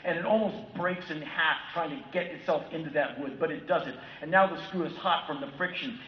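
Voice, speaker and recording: Animated man telling stories in an echoey hall. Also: fairly high pitch. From United States. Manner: animated, acts out voices of others. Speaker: keynote speaker. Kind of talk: storytelling keynote talk. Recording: echoey hall from far off, dull lo-fi sound with faint ambience.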